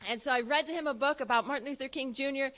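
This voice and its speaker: A woman in her thirties tells a personal story to a listening audience. She speaks earnestly, in a voice a little higher than most, and slips into the voices of herself and her son as she recounts their talks. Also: racing, a bit bright. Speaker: event speaker.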